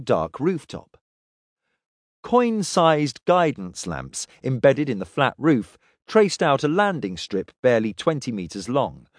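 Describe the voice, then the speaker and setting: Man, audiobook narrator, expressive, lively pitch, dry close sound. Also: no echo. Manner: expressive, voices characters.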